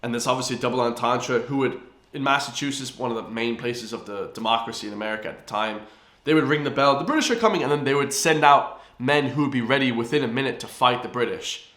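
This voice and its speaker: An Irish man hosts a casual music reaction, keen and chatty, forever turning to the viewers. His voice sits at an ordinary pitch. The room around him is echoey. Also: fast talker. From Ireland. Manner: excitable, keeps addressing viewers as guys. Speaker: music reaction video host.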